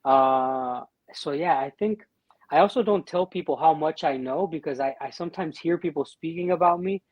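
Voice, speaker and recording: A man's voice: on the high side, moderate pace, no room sound, dull audio. A man, a guest on a casual livestream, who laughs often and acts out quoted voices.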